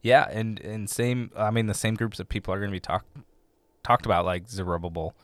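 A man's voice: on the low side, flat delivery, fairly quick, dry recording. A man co-hosting a church podcast as youth pastor, playful and rambling in casual chat.

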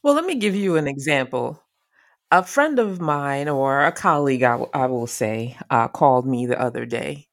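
A woman's voice: low voice, moderate pace. A woman co-hosting a casual chat show with her sister, telling stories with frequent laughter. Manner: laughs often, animated storytelling. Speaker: podcast co-host.

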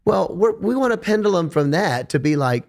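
A man speaking as a podcast guest in a conversational interview, an animated storyteller who repeats words when he gets going. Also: high-pitched, a little fast, vocal fry. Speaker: podcast guest, rock singer.

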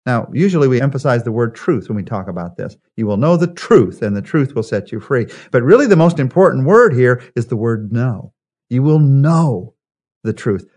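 A man teaching a Bible devotional, stressing key words slowly and asking rhetorical questions. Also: medium pitch, darkish tone. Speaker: pastor.

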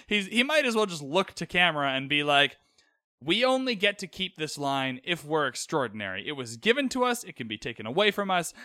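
A young man chatting casually as he recaps a TV episode, animated and full of quick asides and mock outbursts. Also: high voice, no room sound, studio quality. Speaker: show reviewer.

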